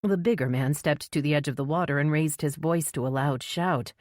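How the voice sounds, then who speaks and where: A woman's voice: low-pitched, moderate pace, darkish tone, no echo, clean studio sound. A woman reading a suspense audiobook as narrator, shifting her voice for the characters' dialogue.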